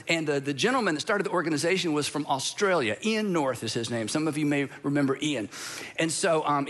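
High, bright-voiced man preaching. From United States. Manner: conversational storytelling with humorous asides. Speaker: pastor. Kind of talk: sermon.

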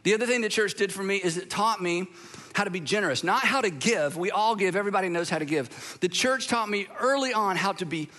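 A man's voice: high-pitched, quick pace, sharp tone. An American man, middle-aged, preaching a sermon in a conversational storytelling way with humorous asides. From United States. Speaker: pastor.

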